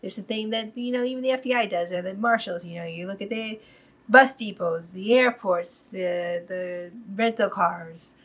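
A woman's voice: medium pitch, moderate pace, fairly bright tone, rough recording. A woman hosting a podcast, casually recapping a TV episode in a rambling way, full of fillers. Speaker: podcast host.

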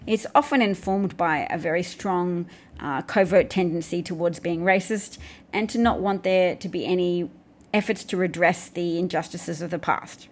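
An Australian woman with a fairly low voice talks on a live stream. She answers viewer comments in a loose, casual way and often restarts her sentences. She breaks in with dry little asides. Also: moderate pace.

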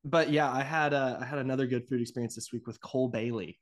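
A man's voice: mid-range voice, steady tone, fast talker. Easygoing young man in joking banter. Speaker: podcast co-host. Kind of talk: casual chat.

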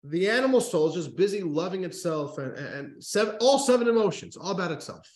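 A man's voice: sits high, expressive, fairly quick, darkish tone. A man, a rabbi, teaching a religious text class, telling a story and stressing points with emphatic repeated restarts. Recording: roomy echo.

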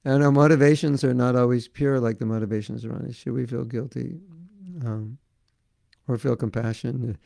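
Gravelly, mellow-voiced man teaching devotion. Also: medium pitch, fairly even intonation, normal speed, no echo, clean studio sound. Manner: earnest, repetitive build-ups, frequent "you know". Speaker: spiritual teacher. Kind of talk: devotional talk with reading of viewer questions.

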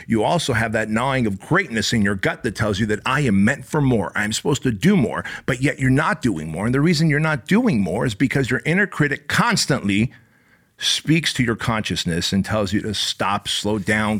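A man's voice: mid-range voice, fairly bright tone, breathy edge. A man giving a blunt, profane motivational talk, punching key words hard. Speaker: motivational speaker.

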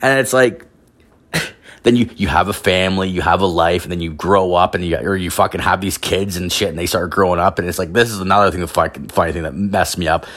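A man's voice: deep voice, fairly quick, a bit bright. A man ranting casually, rambling with constant filler words and heavy swearing. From Canada. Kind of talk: profane casual rant.

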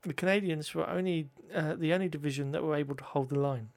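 A man's voice: on the high side, quick pace. A man reading history notes aloud, often stumbling over words, correcting himself and adding joking asides.

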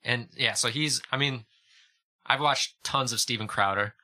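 A man co-hosting a podcast, chatting casually in an animated, profane, mocking way. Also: mid-range voice, measured pace. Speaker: podcast co-host. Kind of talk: casual chat.

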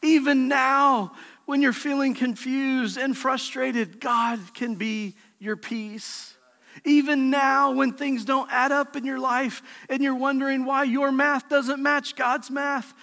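Pastor, male, high bright voice, passionate sermon delivery, long reverb of a large church hall. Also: little pitch movement, a little slow, hardly any pauses. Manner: impassioned preaching, swings from soft to shouting.

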